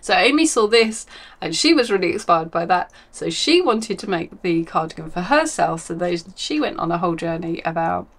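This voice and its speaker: A woman's voice: fairly low pitch, lively intonation, moderate pace. A woman hosting a crafting podcast from home, chatting casually and rambling, with many ums and self-corrections. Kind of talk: casual chat.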